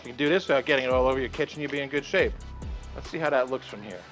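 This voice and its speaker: Rain and light music play behind a man with a mid-range voice who talks very fast while hosting his outdoor cooking vlog at a grill. He's chatty and enthusiastic, often checking in with "okay".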